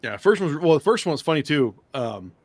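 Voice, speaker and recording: An American man hosting a podcast in casual chat, animated and swearing freely as he talks. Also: fairly high pitch, no room sound. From United States. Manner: fast, animated, swears a lot, excitable. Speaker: podcast host.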